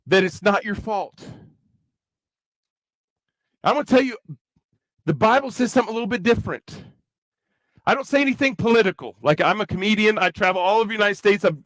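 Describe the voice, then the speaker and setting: Man, Kentucky accent, high voice, joking sermon, dry close sound. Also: no room sound, low-quality recording. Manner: chatty, joking, animated preaching. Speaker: youth rally speaker. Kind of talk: conversational sermon with comic asides.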